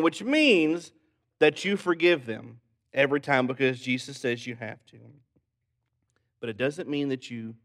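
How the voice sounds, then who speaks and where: Gravelly male pastor preaching animatedly. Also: mid-range voice. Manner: animated storytelling, jokey asides. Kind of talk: sermon.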